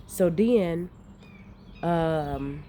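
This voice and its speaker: A woman, telling a dream in a rambling, profane, animated way. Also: deep voice, extremely slow, slight background noise. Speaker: vlogger recounting a dream. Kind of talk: casual storytelling.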